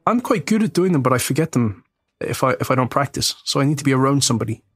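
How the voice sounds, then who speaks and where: A man chatting over a movie as a podcast co-host, mid-pitched and easygoing. He rambles, laughs at himself and swears freely. His voice sits close and dry, with no room echo. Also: very animated, fast, a bit bright, breathy edge, faint music behind. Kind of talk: casual film commentary chat.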